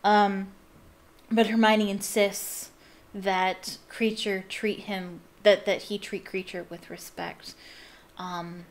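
A woman chatting casually about a book she loves, enthusiastic and rambling, with plenty of fillers and restarts. Her voice sits at an ordinary middle pitch. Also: flat delivery, takes it slowly. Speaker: book reader and fan commentator.

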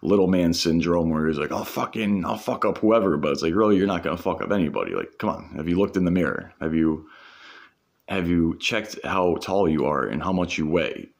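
A man's voice: sits low, expressive, a little fast, creaky. A man telling a personal story in a casual, rambling way, heavy on swearing and "like". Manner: profane, rambling, full of "like".

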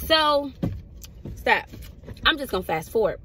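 Animated young woman telling a storytime. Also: moderate pace, slight background noise, rough recording. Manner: animated, swings pitch for emphasis, slangy. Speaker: vlogger. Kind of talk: casual storytime.

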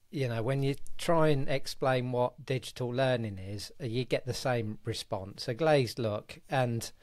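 A man's voice: mid-range voice, no echo, clean studio sound. A middle-aged man hosting a podcast, chatting casually and reflecting aloud. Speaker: podcast host. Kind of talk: casual chat.

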